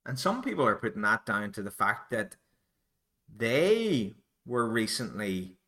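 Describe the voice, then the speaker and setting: A man's voice: on the low side, very animated, a little slow, pushed and bright. A Northern Irish man hosting a solo podcast, musing in a rambling, digressive, self-deprecating way. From Northern Ireland. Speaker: podcast host.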